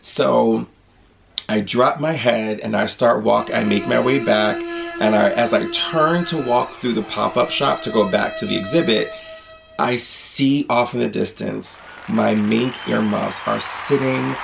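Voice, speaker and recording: A man telling a lively storytime in a casual vlog, acting out quotes as he goes. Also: on the low side, measured pace, gravelly, over music. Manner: chatty, animated storytelling with acted-out quotes. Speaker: vlogger.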